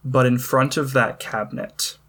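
A man running a tabletop game as game master, narrating scenes in a measured, descriptive way. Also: medium pitch, steady tone, a bit bright, husky. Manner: measured descriptive storytelling with occasional fillers.

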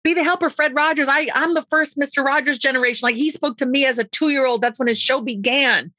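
A middle-aged woman from the United States talks with bright, ringing energy, full of quick asides. Her voice sits close and dry, with no room around it. She tells stories with warm enthusiasm in a relaxed interview. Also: high-pitched, dry recording. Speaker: author and podcast guest. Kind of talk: animated conversational interview.

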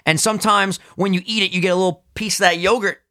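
Young man, podcast co-host, quick talker, fairly high voice, animated and crude. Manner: animated, profane, jokey. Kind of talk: casual chat.

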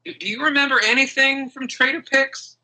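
A man's voice: very high voice, steady tone, fairly quick, bright, forceful tone, voice pushed up, full character voice, low-quality recording. A man voicing a hungover, friendly female dwarf warrior who chats and rambles gratefully. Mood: explaining.

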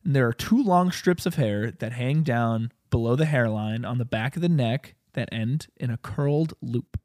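A man's voice: mid-range voice, moderate pace, darkish tone, dry recording, studio quality. A man co-hosting a casual comedy podcast, explaining a topic with jokes and lots of filler words. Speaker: podcast co-host presenting a topic.

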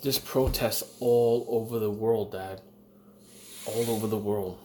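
A man's voice: fairly low pitch, steady tone, unhurried, mellow, slight background noise. A man in casual chat, telling blunt, profane stories and acting out what people said. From United States. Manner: blunt, profane storytelling with acted quotes.

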